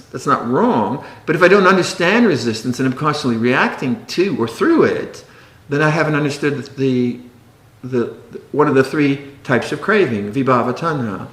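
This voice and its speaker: A man's voice: fairly high pitch, lively intonation, normal speed, fairly bright tone, reverberant. A man teaching meditation in a dharma talk, playful and often laughing, sometimes mimicking fussy meditators.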